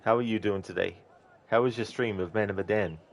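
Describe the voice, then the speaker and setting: A man streaming a video game, chatting casually with viewers and joking, with a relaxed manner. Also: fairly low pitch, fairly quick, a little hiss or hum. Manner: relaxed, jokey, chuckling at his own puns. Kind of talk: casual chat while reading viewer messages.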